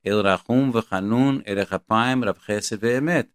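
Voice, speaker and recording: A man delivers a Torah lecture in a somewhat low voice, moving between Hebrew verses and his own explanations. He talks in a halting, repetitive way but stays earnest and emphatic. The recording is dry and close. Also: smooth, no echo. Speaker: Torah teacher.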